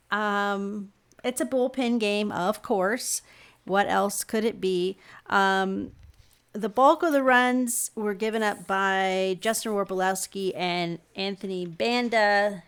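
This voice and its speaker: A woman's voice: mid-range voice, a bit bright, clear, resonant tone. A middle-aged woman co-hosting a podcast, recapping games in a meandering casual chat with many ums. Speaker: podcast co-host.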